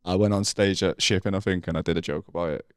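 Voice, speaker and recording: Male comic co-host, rapid sweary banter, lowish voice. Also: steady tone, clean tone, no echo, clean studio sound. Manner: rambling, swears freely, jokey storytelling. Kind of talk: crude comedy banter.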